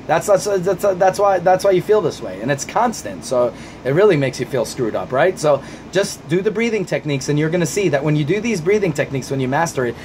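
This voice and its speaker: A man with a fairly high voice answers viewer questions in a vlog as an anxiety coach. He is blunt and profane, talks with fired-up emphasis, and often repeats himself to drive a point home. A faint hiss sits under his voice. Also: lively intonation, fairly quick, darkish tone.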